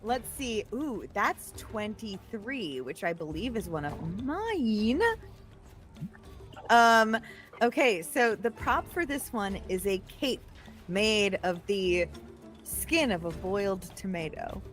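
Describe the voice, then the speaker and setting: A woman running a tabletop game, animated and quick to laugh. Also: medium pitch, faint music behind. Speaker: game master.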